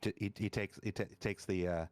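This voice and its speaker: A man narrating a tabletop game as dungeon master, halting and full of restarts. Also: lowish voice, fairly even intonation, darkish tone, no echo, soft background music. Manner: halting, many fillers and restarts.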